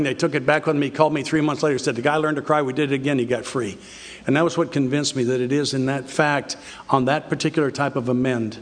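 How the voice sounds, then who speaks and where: An older man giving an earnest, confessional recovery talk, telling his story with halting restarts. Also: medium pitch, fairly even intonation, a bit bright. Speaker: recovery speaker. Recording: reverberant hall.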